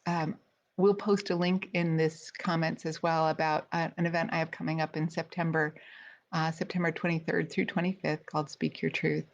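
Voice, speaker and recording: A middle-aged woman telling a personal story in a casual live video, chatty, with lots of fillers and restarts. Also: on the low side. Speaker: speaker trainer hosting a weekly live video. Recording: slightly dull, lo-fi sound.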